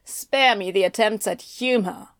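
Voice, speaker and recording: A woman's voice: mid-range voice, unhurried, no echo, clean studio sound, natural voice. Pushy office manager, lectures his team; a woman narrator voices him. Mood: lecturing. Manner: bossy, lecturing. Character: brisk male sales manager, pushy.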